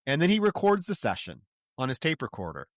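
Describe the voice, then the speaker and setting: A man's voice: fairly high pitch, huge pitch swings, fairly quick, dry recording, clean studio sound. A man co-hosting a podcast, recapping a horror film in casual, profane chat and acting out bits of dialogue. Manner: profane, retells scenes with quoted dialogue. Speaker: podcast co-host.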